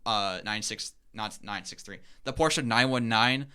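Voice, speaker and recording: A man's voice: on the low side, a little slow, bright, forceful tone, clean tone. A young man co-hosting a podcast, eagerly explaining in a casual, rambling way with lots of fillers. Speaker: podcast co-host.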